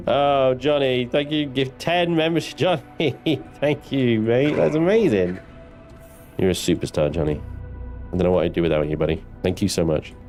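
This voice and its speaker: A man livestreams a space game, offering live commentary in an unhurried, medium-pitched voice with a darkish tone, faint music playing behind him. He's chatty, banters with his chat, and swears occasionally.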